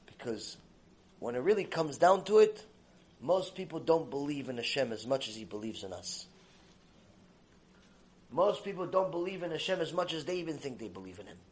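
A man giving a religious lecture, telling stories in an animated, emphatic way. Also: on the high side, moderate pace, pauses often, slight background noise. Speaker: religious teacher. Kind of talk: recorded Torah lecture with storytelling.

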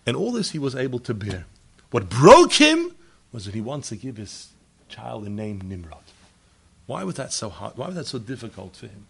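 A man giving a sermon as a rabbi, swinging from loud emphatic peaks to quiet, low asides. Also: huge pitch swings, moderate pace, gravelly, breathy edge.

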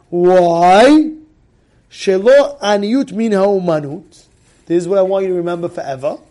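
A middle-aged man giving an animated sermon, telling stories, repeating his phrases and mixing in Hebrew words. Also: sits high. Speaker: Torah teacher.

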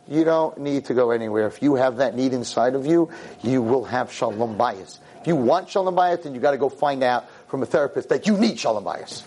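Animated rabbi telling a story. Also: male voice, medium pitch, fairly quick, a little hiss or hum. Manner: animated, acts out quoted voices. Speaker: rabbi and teacher. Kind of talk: convention speech with storytelling.

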